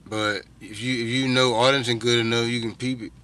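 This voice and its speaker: A man's voice: medium pitch, little pitch movement, brisk, bright, forceful tone. A middle-aged man, chatting casually and profanely with viewers on a livestream, rambling from one thought to the next. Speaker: livestream host.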